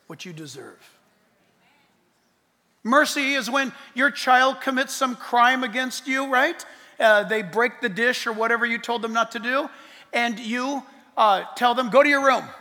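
A man preaching a sermon as a pastor, animated, swinging from loud bursts to hushed asides and dropping in jokes. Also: extremely high pitch, slow, pauses often, in a large hall.

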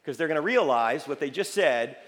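High-voiced man lecturing a crowd. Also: expressive, brisk. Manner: emphatic, rhetorical, quizzes the crowd. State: voice slightly failing. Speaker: speaker addressing a live audience. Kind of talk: lively lecture to a live audience. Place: large hall with audience. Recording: echoey hall reverb.

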